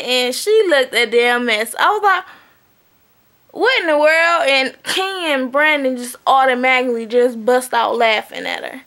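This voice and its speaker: High bright-voiced woman, blunt and chatty. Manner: blunt, profane, chatty, often asks "okay?". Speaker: vlogger recapping a reality TV episode. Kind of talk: casual recap chat.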